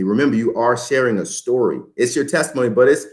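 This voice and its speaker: Animated man coaching on storytelling. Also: mid-range voice, fast, roomy sound. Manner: animated, acts out example lines and drops to a hush for effect. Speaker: host.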